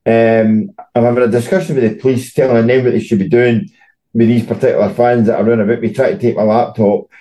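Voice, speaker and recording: A man's voice: medium pitch, steady tone, quick pace, mellow, rough recording. A middle-aged Scottish man, a football journalist co-hosting a podcast, chatting casually and telling stories with many restarts. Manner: storytelling, repeats words when starting sentences.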